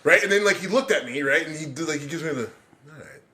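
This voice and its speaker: Animated, profane American man. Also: on the high side, racing. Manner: loud, profane storytelling. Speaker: podcast co-host. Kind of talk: casual chat.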